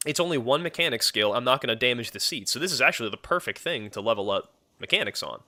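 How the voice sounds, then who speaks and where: A man's voice: mid-range voice, lively intonation, fast talker, hardly any pauses, bright, forceful tone. A young man streaming a game, chatting casually with his viewers in a rambling way. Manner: rambling, talks to chat, many fillers and restarts. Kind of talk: casual live-stream chat.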